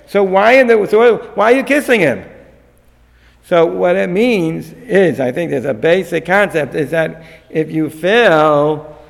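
A man teaching a lecture on a Torah text, animated and acting out the figures in the story. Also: high-pitched, a little slow, vocal fry. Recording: long hall reverb.

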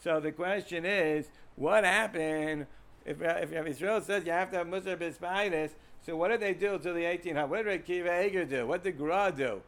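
A man's voice: high voice, moderate pace, a bit bright. A man with an American accent giving an informal Torah lecture to students, rambling, repeating words and asking the class questions. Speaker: Torah teacher.

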